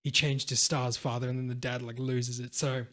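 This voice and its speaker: A young man co-hosting a casual podcast, retelling film scenes with lots of fillers and bursts of excitement. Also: medium pitch, moderate pace. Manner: animated storyteller, acts out film scenes, lots of "like" and "dude". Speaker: podcast co-host. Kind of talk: casual chat.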